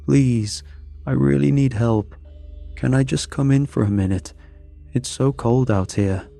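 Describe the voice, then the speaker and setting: A man voicing an eerie creature that imitates a stranded person, calling to be let in with a flat, emotionless, strangely nonchalant tone in a spoken horror story. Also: mid-range voice, measured pace, gravelly, soft background music. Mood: eerily pleading. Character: eerie calm thing mimicking a stranded person.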